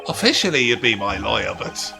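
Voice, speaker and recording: A man's voice: wildly swooping pitch, measured pace. A man putting on a blustering rich man with an odd accent. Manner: theatrical, blustering, swooping pitch. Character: boastful rich middle-aged man, odd put-on accent. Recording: game music behind.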